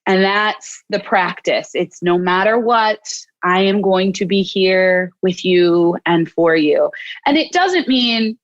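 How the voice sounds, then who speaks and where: A woman clinical psychologist speaking as an interview guest, in a voice of ordinary pitch for a woman. She explains her ideas reflectively and acts out short bits of inner dialogue. The recording sounds dull and lo-fi. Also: animated, slow pace. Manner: reflective, explains with acted-out self-talk, often adds "right?". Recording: dull lo-fi audio.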